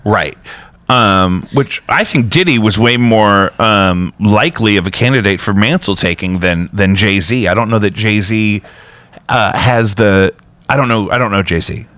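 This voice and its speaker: Low-voiced rambling podcast host. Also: male voice, unhurried, a bit bright, dry recording. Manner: rambling, jokey, prone to sudden high-pitched bits. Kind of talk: casual chat.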